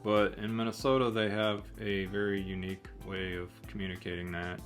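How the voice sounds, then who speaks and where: Low-voiced Michigan man, relaxed. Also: fairly quick, soft background music. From Michigan, United States. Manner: relaxed, explaining, teasing. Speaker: co-host. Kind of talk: casual chat.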